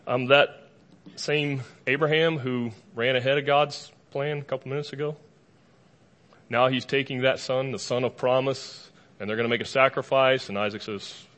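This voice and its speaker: A man preaching a sermon to a live congregation in a lively, conversational way, with casual asides and humor. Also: medium pitch, normal speed. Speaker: pastor.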